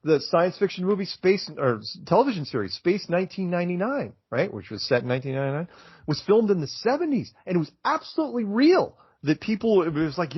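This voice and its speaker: A man talking as a podcast guest in an animated, emphatic way, getting worked up as he makes his case. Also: high-pitched, fast talker, slightly rough, dry recording. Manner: excitable, emphatic, gets worked up. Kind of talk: animated conversational rant. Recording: dull lo-fi, dry audio.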